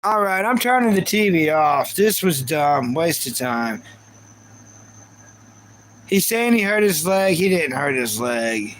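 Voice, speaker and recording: High-voiced ranting male streamer. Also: very animated, slow, a bit bright, slight background noise, poor audio. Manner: ranting, repeats himself, talks to chat viewers. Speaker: livestream host. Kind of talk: casual live reaction chat.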